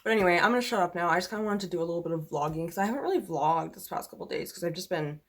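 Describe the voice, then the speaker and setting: A woman's voice: lowish voice, lively intonation, very fast. A young woman vlogging in casual chat. She vents bluntly and profanely, rambling with constant fillers. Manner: venting, exasperated.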